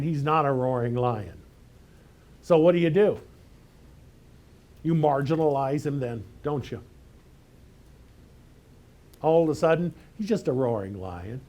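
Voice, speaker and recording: A man's fairly high voice carries an emphatic sermon. He preaches conversationally, pushing his points with rhetorical questions aimed at his listeners. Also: lively intonation, moderate pace, long pauses, a little mellow. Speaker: pastor.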